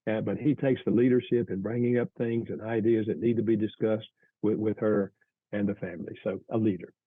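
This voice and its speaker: A male author giving earnest, measured advice as an interview guest, often restarting his sentences. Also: on the low side, fairly even intonation, breathy edge, dry recording. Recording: tinny phone-like line, dry.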